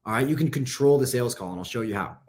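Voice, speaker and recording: A man's voice: medium pitch, a little mellow. A man coaching copywriting in a casual, profane live lesson. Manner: casual, profane, fast-talking.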